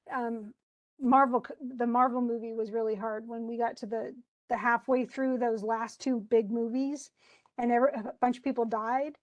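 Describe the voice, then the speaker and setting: A woman teacher with a fairly high voice talks through a play in a relaxed, chatty way. She wanders off onto side topics. She keeps translating old phrasing into simple modern words. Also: moderate pace. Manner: chatty and digressive, paraphrasing old text into plain words. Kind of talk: informal lesson explaining a play.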